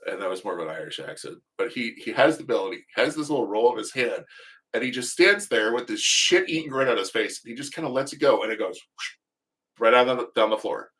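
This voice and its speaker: A man's voice: medium pitch, animated, fairly quick, sharp tone. A man hosting a casual livestream, telling rambling, joking, profane stories. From United States. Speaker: livestream host.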